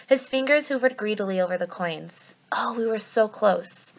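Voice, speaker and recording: A woman's voice: medium pitch, moderate pace, few pauses. A woman teacher reading a novel aloud, narrating expressively and acting out the first-person voice of the story.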